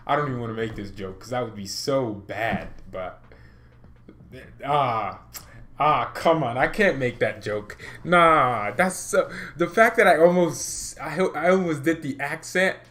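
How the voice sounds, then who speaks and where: A man hosting his own channel, chatting casually and excitedly about football, rambling, laughing and poking fun at himself. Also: mid-range voice. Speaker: channel host.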